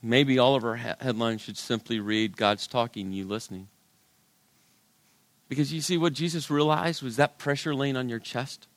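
A middle-aged man preaches with real dynamics, rising to loud, emphatic points and then falling to near hushes. His voice sits at an ordinary male pitch. The sound is dry and close, with no room echo. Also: steady tone, brisk, hardly any pauses. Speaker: pastor. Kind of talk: sermon.

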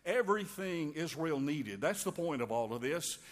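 A man preaching in a folksy, wry style, tossing in homey quips as he goes. His voice sits a little high for a man, and it rings out with the long reverb of a large hall. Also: animated, moderate pace. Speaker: pastor. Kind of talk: sermon.

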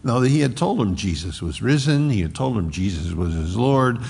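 A man preaching a verse-by-verse sermon, who acts out the dialogue with a lifted, animated voice. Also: fairly low pitch, moderate pace, creaky, slightly rough. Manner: animated, acts out Paul's pleas in a raised voice. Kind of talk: expository sermon. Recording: long hall reverb.

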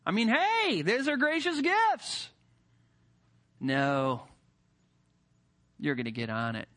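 A male preacher giving a sermon with animated emphasis and rhetorical questions. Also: high-pitched, takes it slowly.

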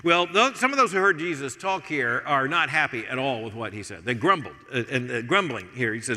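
An older American man preaching a sermon as pastor, swinging from hushed asides to emphatic points. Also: medium pitch, expressive, a little fast, hardly any pauses. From United States. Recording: long reverb of a large hall.

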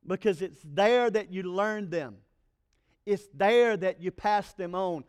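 A male pastor preaching a sermon, animated and playful, with joking asides to the congregation. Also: high-pitched, slow, smooth.

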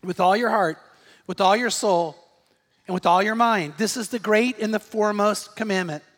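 High-voiced pastor preaching in an echoing hall. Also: male voice, moderate pace. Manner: storytelling, emphatic, rises to shouts on key points. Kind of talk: sermon.

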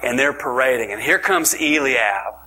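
A man's voice: mid-range voice, expressive, normal speed, pushed and bright, slightly rough. A man preaching a sermon, telling the story with jokes and dropping into whispers for emphasis. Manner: playful, joking storytelling, with sudden whispers.

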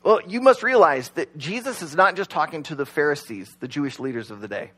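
Lively husky-voiced male preacher. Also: a little high, a little fast. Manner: conversational, animated storytelling with acted quotes. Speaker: pastor. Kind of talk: sermon.

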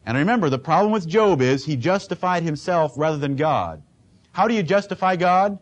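A male pastor delivering a sermon in a high-pitched voice. He preaches with emphasis and drama, acting out the words of the people he quotes. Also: expressive, moderate pace.

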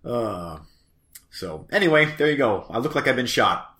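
A man co-hosting a podcast in casual chat, easygoing and quick to laugh. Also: mid-range voice, big pitch swings, noisy background. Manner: laughs often, easygoing, reflective. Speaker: podcast co-host.

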